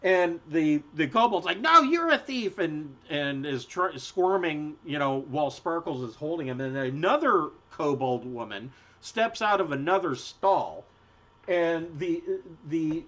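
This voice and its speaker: A man's voice: on the high side, a little slow, fairly bright tone. A man narrating a tabletop game as game master, hesitant, with many fillers and restarts. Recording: dull lo-fi audio.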